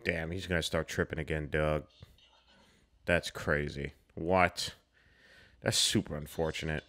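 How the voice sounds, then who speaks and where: Young dude doing a movie reaction, chill unhurried talking, hyped and slangy. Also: male voice, a bass voice. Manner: excitable, slangy, calls out to the screen. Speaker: film reaction host. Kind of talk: casual reaction commentary.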